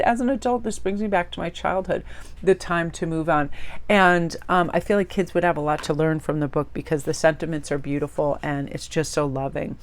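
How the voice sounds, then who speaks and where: A woman's voice: low voice, fairly even intonation, fairly quick. A woman tarot reader chatting casually as she shows a tarot deck, gushing and rambling.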